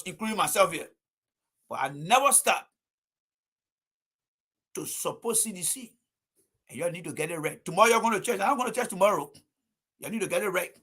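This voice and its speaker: A man holds forth on a livestream, preaching his political views with insistent repetition. His voice sits high and carries a forceful, pushing edge. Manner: emphatic, preachy, repeats points. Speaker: political commentator.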